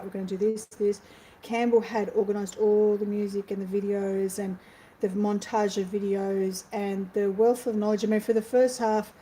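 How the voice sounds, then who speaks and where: An Australian woman chatting casually on a livestream, effusive and greeting viewers from the chat, her voice a bit worn and hoarse. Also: mid-range voice, mellow, a little hiss or hum, low-quality recording. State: losing her voice. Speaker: livestream host. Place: apartment, indoors.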